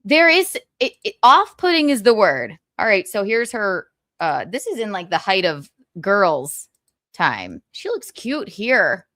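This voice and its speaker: A woman's voice: medium pitch, sing-song, measured pace, bright, forceful tone, no room sound, studio quality. A woman hosting a casual pop-culture gossip livestream, chatty and giggly, saying she is exhausted. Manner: chatty, giggly, tired asides. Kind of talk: casual chat.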